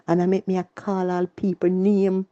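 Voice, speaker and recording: A woman with a Jamaican accent gives an emotional personal testimony in earnest, repetitive Patois. Her low, dark voice stays monotone at a normal speed, and the sound is lo-fi.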